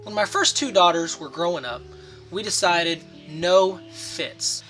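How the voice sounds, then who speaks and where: A father of daughters offers parenting advice to the camera in a steady, earnest manner, briefly acting out short quoted phrases. His voice is high-pitched and unhurried, with faint music in the background.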